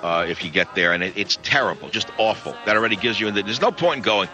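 A man hosting talk radio, telling a story in animated comic outrage. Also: fairly low pitch, quick pace, over music, poor audio.

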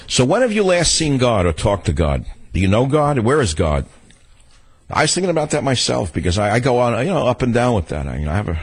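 Older man, radio talk host monologue, husky, lowish voice, dry close sound, ranting and repeating himself. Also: no room sound, poor audio. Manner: ranting, repetitive, swings high for emphasis.

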